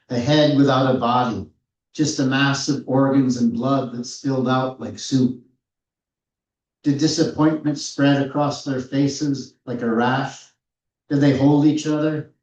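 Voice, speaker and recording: A man in his fifties, an author giving a measured, reflective reading from his memoir at a live authors' event. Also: medium pitch, a little mellow. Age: 50s. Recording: roomy, distant, dull-sounding hall recording.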